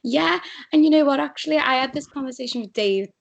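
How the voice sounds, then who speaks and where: A woman's voice: high-pitched, quick pace, gravelly. A young woman with a strong Scouse accent, chatting as a guest over a Skype audio call. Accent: Scouse (Liverpool). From Liverpool, England. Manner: chatty, animated storyteller. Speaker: guest, radio producer. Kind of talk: casual chat.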